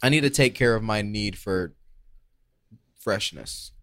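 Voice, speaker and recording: A man's voice: lowish voice, a little slow, a bit bright, dry recording, studio quality. A man hosting a podcast in casual chat, offhand and joking in short quips. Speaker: podcast host and streamer.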